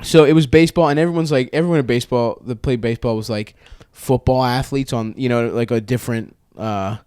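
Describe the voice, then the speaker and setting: A man's voice: medium pitch, brisk, darkish tone, clear, resonant tone, dry recording, studio quality. Rambling, crude male podcast storyteller. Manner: rambling, crude, with many restarts and laughs. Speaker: podcast co-host. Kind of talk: casual storytelling chat.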